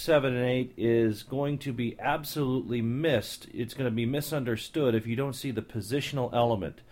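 A man's voice: mid-range voice, a little mellow. A man preaching a Bible teaching sermon, repeating key phrases with emphasis and breaking in with casual asides. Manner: conversational asides and fillers.

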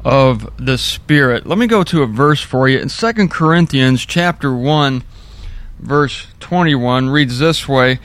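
A man's voice: medium pitch, expressive, unhurried. Wry man teaching from scripture. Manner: wry, chatty asides between readings. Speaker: Bible teacher.

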